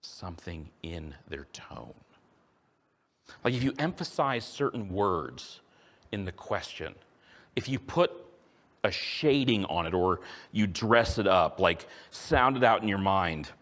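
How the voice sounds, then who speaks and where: A man preaching a sermon in a conversational, animated way, asking his listeners rhetorical questions. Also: fairly low pitch, unhurried. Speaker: pastor.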